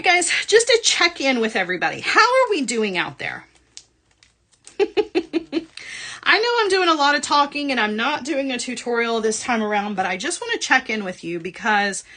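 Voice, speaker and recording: A woman's voice: medium pitch, sharp tone. A woman hosting a live jewelry-supply sales show, chatting upbeat and often tagging her sentences with "right?". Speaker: host of a live shopping show.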